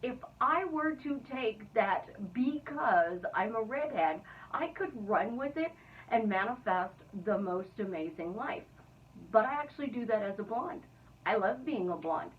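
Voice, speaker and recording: A woman's voice: a little high, expressive, measured pace, far from the mic, lo-fi sound. A woman talking as a manifestation coach in a casual vlog, playful and upbeat.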